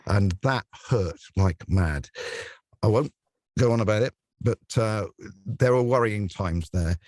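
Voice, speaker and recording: A man's voice: on the low side, measured pace, a little mellow, dry recording. A man who works as a radio presenter, chatting in an interview and telling stories with plenty of laughter. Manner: chatty storyteller who laughs often and acts out voices. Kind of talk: relaxed anecdotal interview chat.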